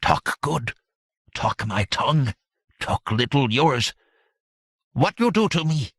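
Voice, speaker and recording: A man voicing a small, timid male satyr who speaks gently in broken, halting words. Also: mid-range voice, big pitch swings, husky, dry recording, studio quality, voice pushed up, full character voice.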